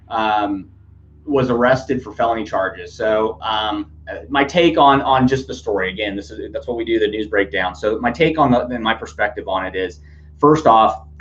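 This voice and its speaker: A man hosting a casual news commentary podcast, rambling with many fillers and restarts. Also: mid-range voice. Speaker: podcast host. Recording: dull lo-fi sound with faint hum.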